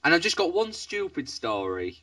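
A man's voice: a little high, wildly swooping pitch, moderate pace, vocal fry, sharp tone, no room sound, recorded from a distance. A man co-hosting a casual podcast, talking hesitantly with lots of fillers. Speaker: podcast co-host.

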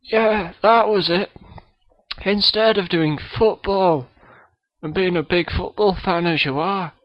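A man putting on an impression of a brash, cheeky older Scottish male comedian, loud and rambling in a put-on Scottish accent. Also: sits high, slow pace, no echo. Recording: dull lo-fi recording.

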